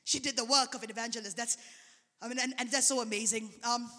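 A woman preaching a sermon, telling a testimony in an animated way. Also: fairly high pitch, fast talker. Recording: long hall reverb.

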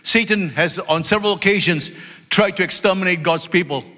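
A male pastor preaching an emphatic sermon in a church, loud at times and dropping into storytelling asides. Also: a little fast. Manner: emphatic, loud, swings between shouting and low storytelling asides. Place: church sanctuary. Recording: long reverb of a large hall.

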